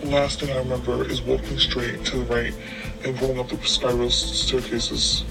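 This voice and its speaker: A man voicing a weakened but defiant young man in an audio story, quiet and bitter. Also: mid-range voice, level tone, normal speed, gravelly, lightly acted, poor audio. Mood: soft weary. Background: background music.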